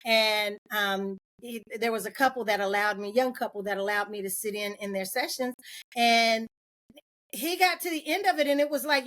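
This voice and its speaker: Animated woman who laughs between points. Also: fairly high pitch, normal speed. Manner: animated, laughs often, acts out quoted voices. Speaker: podcast guest. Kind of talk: candid podcast conversation.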